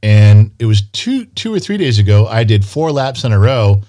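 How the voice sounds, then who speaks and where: A man telling stories in casual chat, grumbling and animated, swearing freely. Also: on the low side, normal speed.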